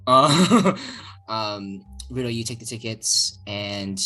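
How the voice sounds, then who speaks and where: Game master: woman with a very low, husky voice, slow and unhurried, giggly and halting. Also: expressive, a bit bright, faint music behind, rough recording. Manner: casual, giggly, halting with many fillers. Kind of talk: narrating a tabletop game with friends.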